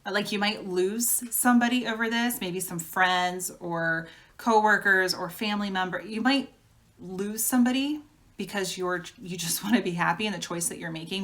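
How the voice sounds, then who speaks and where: A woman's voice: mid-range voice, moderate pace, fairly bright tone. A woman giving a casual tarot reading, talking frankly in a chatty way and laughing often. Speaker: tarot reader.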